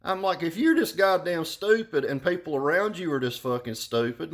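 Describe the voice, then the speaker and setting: A man's voice: fairly high pitch, animated, normal speed. A man hosting his vlog, ranting bluntly with lots of profanity and mockery. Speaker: vlog host. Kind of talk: casual rant.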